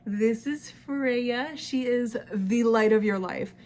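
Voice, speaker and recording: A woman's voice: on the high side, takes it slowly, darkish tone. Emotional young woman vlogger. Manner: emotional, laughs and cries easily, swears casually. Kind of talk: casual vlog, talking to her past self.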